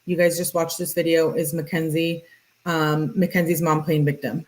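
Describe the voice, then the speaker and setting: True-crime host, female, lowish voice, reads message logs plainly and drops in offhand remarks. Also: flat delivery, normal speed, a little mellow, low-quality recording. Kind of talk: reading text messages aloud with casual asides.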